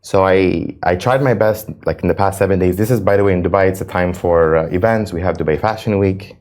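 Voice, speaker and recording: Earnest deep-voiced man. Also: a little fast, darkish tone. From United States. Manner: earnest, repeats words when moved. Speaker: reality show cast member and cafe owner. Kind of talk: emotional interview answers.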